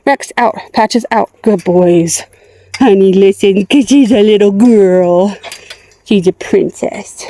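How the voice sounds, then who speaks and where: A middle-aged woman, a gardening vlogger, strolls her backyard garden talking casually to her dogs and plants, her voice fading in and out. She speaks slowly at a medium pitch with a dark tone, and the recording is dry.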